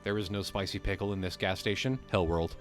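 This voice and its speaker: A man's voice: sits low, fairly even intonation, fairly quick, soft background music. A man hosting a live stream, reading a text aloud and breaking off into joking, casually profane asides to his chat. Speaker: livestream host.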